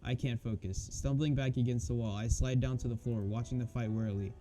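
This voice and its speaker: A man streaming a visual novel mod, reading its text aloud in a flat undertone and breaking off to comment on it. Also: medium pitch, fairly quick, faint music behind.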